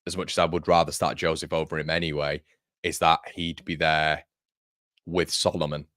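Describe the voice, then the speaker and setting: A man's voice: extremely low pitch, flat delivery, moderate pace, a bit bright, no room sound, clean studio sound. A young man hosting a live fan watchalong, chatting casually and reading viewer comments aloud in a matey way. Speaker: fan channel host. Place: home studio.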